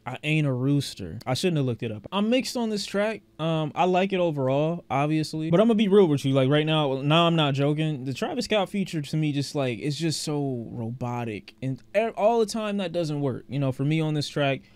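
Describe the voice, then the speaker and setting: A man's voice: a little high, expressive, a little fast, few pauses, a little mellow, smooth, no room sound. A man giving a casual, rambling reaction to a music album, often repeating words and breaking into song. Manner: chatty, rambling, repeats words, sings along. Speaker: music reviewer. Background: album music playing.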